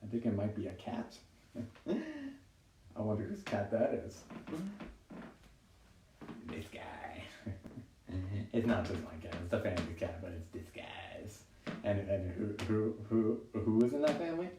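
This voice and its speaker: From home during quarantine, a stand-up comedian with a fairly low voice and huge pitch swings performs a live-streamed monologue at a moderate pace. He rambles, puts himself down, and often laughs at his own jokes. The home recording sounds roomy and distant, with faint noise.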